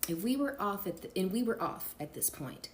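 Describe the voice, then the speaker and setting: A woman's voice: mid-range voice, expressive, brisk, a little hiss or hum. Woman reading a memoir with chatty asides. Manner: reads with chatty off-script asides to listeners. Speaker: storyteller.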